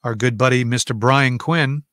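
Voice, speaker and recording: A man's voice: mid-range voice, fairly even intonation, moderate pace, a bit bright, dry recording, studio quality. A man hosting a casual livestream from home, chatting and rambling as he reads out viewer comments and answers them.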